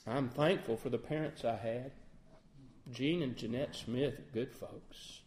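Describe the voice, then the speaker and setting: The speaker is a middle-aged lay preacher whose mid-range voice has a darkish tone, and he takes his time. Earnestly preaching, he often questions his listeners and plays out sample phrasings.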